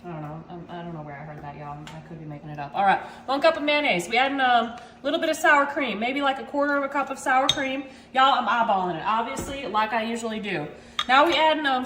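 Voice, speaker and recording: A woman's voice: sits high, fairly quick, noisy background. A woman hosting a casual cooking demonstration in her home kitchen, chatting to viewers and calling them y'all as she goes. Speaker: cooking channel host. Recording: echoey kitchen with clattering dishes.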